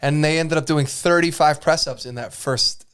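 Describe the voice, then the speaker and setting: A man's voice: a little high, moderate pace, fairly bright tone, clean tone. A man co-hosting a casual podcast chat, enthusiastic and filling his talk with "uh" and "y'all". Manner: enthusiastic, says "y'all" and "uh" often. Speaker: podcast co-host.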